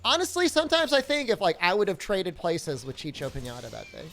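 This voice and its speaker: Lively joking woman game streamer. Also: on the low side, fairly quick, soft background music. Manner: jokey, answers chat aloud, lively. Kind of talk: casual live-stream chat while gaming.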